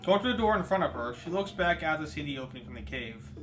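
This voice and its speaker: A man's voice: on the high side, animated, fast, fairly bright tone, poor audio. A man narrating a fan audio drama in a plain storytelling way, with small reading slips. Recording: music bed under voice. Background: music.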